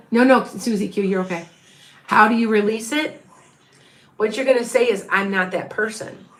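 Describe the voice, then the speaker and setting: A woman's voice: a little high, a little slow, pauses often. A middle-aged woman giving psychic readings on a live stream, rambling and repeating herself as she thinks aloud and reads out viewers' names. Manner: reads out viewer names and counts under her breath. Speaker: psychic reader on a livestream.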